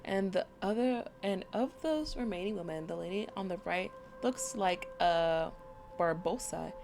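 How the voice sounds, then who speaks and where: Woman with vocal fry reading game dialogue. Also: medium pitch, expressive, darkish tone, faint music behind. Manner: reads dialogue aloud between quick asides. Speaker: game streamer. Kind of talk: let's play commentary, reading game dialogue aloud.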